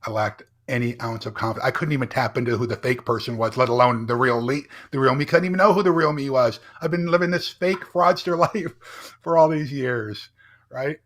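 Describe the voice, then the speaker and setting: A man's voice: medium pitch, brisk, fairly bright tone. A middle-aged man, a business founder and keynote speaker, telling a candid personal story in a podcast interview, checking in often with a rhetorical "right?". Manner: earnest, builds up with rhetorical "right?".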